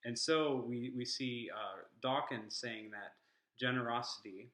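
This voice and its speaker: A man's voice: mid-range voice, a little slow, a bit bright, echoey room, rough recording. A man teaching an informal lesson on worldviews, earnest and stressing the quotes he reads aloud. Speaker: Christian apologetics teacher.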